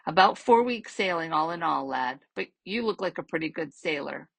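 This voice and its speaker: A woman reading the part of a kindly older English sea captain, speaking gruffly and fatherly in a storybook. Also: deep voice, lively intonation, normal speed, heavily acted.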